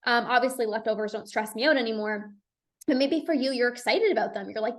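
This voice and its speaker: A woman's voice: a little high, fast. A young woman hosting a solo podcast as a binge eating coach, talking casually and reassuringly, with lots of "like". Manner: chatty, says "like" a lot, reassuring.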